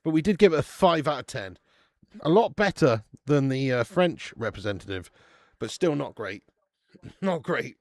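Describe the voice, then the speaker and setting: A man hosting a casual live football watch-along stream, chatty and excitable, often laughing and loudly greeting viewers. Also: medium pitch, moderate pace, no room sound.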